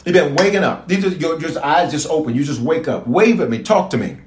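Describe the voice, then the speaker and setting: A man's voice: a little high, animated, fairly quick. A man preaching as a bishop at a prayer service, emphatic and repetitive, calling out to his congregation. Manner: emphatic, repeats phrases, calls to congregation. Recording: echoey room.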